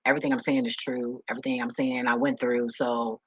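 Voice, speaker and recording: A woman's voice: extremely low pitch, little pitch movement, a little fast, husky, no room sound, low-quality recording. A woman vlogger telling personal stories straight to the camera, frank and full of swearing, who repeats words when she gets emotional. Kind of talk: candid personal storytelling to camera.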